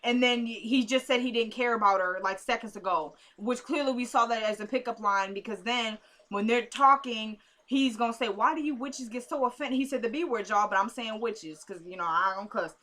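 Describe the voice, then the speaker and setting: A woman's voice: on the high side, normal speed, bright, forceful tone. A woman recapping a TV episode in a casual vlog, rambling and talking straight to her viewers.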